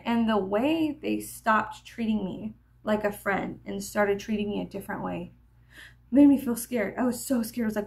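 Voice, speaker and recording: A woman vlogger telling a meandering story while getting ready, full of fillers and drifting into soft whispers. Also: mid-range voice, normal speed, creaky. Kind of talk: rambling get-ready-with-me storytelling.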